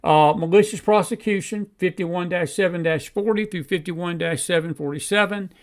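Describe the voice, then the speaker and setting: A man's voice: high-pitched, normal speed. A man hosting live political commentary, rambling as he searches for a statement, then heated and emphatic. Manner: fumbles and self-talks while searching. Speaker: host.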